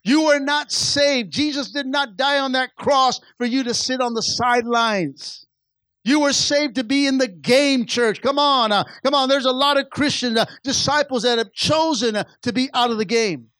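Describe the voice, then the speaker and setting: His voice is very high with a fairly bright tone, and the recording carries no room sound. He's a pastor preaching to his church, building and dropping intensity while stammering restarts and circling back to the same phrases.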